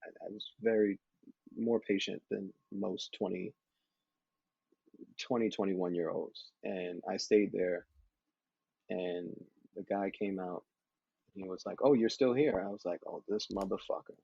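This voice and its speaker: A man with a low, husky voice tells stories on a podcast, slipping into lively quoted voices and laughing along the way. The sound is dry and a little dull, as if close to a modest mic. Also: measured pace, pauses often, no echo. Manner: animated storyteller, acts out quotes with laughter. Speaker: podcast guest, model and actor. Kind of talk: casual storytelling chat.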